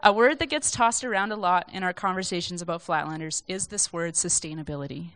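Young woman giving a casual church talk, kinda low voice, relaxed and reflective. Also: a little fast, no echo. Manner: conversational, self-deprecating, reflective. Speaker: speaker sharing a church message. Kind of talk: informal sermon read from notes.

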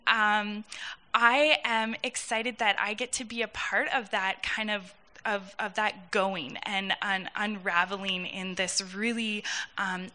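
A woman speaking casually to a church community, upbeat and halting, with many ums. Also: medium pitch, bright, forceful tone. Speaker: new staff member of a church community. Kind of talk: casual spoken remarks.

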